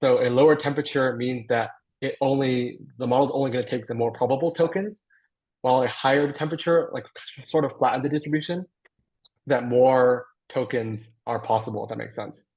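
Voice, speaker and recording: Husky-voiced man answering questions on a call. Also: medium pitch, steady tone, a little fast, a little mellow, highs cut off. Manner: hesitant, thinks aloud with fillers and restarts. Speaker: guest speaker answering audience questions. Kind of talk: online Q&A after a technical talk. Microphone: video call.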